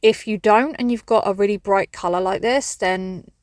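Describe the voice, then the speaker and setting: A woman's voice: mid-range voice, moderate pace, darkish tone, dry recording, clean studio sound. Chatty woman vlogging in her garden. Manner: chatty, jokey and self-mocking. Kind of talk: casual vlog chat. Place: outdoors in a garden.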